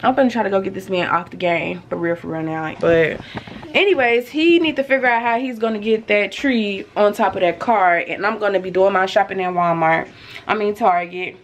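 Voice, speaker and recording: A woman's voice: medium pitch, a little fast. Woman vlogger, casual story time, slangy, phone mic, home, faint hum. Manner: animated storytelling, lots of slang and cursing. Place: home, indoors.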